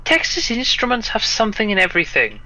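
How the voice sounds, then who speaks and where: A man's voice: high-pitched, big pitch swings, quick pace, pushed and bright, poor audio. A man with a Welsh accent chatting on a stream, joking and rambling with restarts. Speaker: guest on a livestream. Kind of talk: casual chat.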